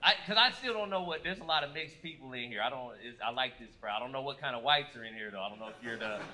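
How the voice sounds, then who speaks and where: A man from Fresno performing a stand-up comedy set, telling stories with loud acted-out quotes on a club stage. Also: mid-range voice, fast. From Fresno, California. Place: comedy club stage before a live audience.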